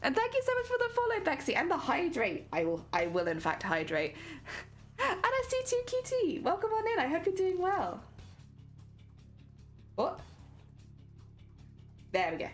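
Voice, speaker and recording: A young woman with a British accent talks casually to her live-stream viewers as she works on a craft. Her voice swoops widely up and down in a sing-song way. Soft music plays faintly underneath. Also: wildly swooping pitch, normal speed, pauses often. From Britain. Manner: chatty, greets viewers warmly, sing-song pitch jumps.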